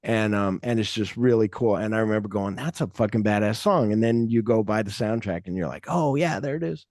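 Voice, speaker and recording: A man's voice: on the low side, fairly even intonation, brisk, a little mellow, dry recording. Rambling man chatting about films, dry sound. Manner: rambling, acts out quotes, swears freely. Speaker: podcast host. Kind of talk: casual film chat.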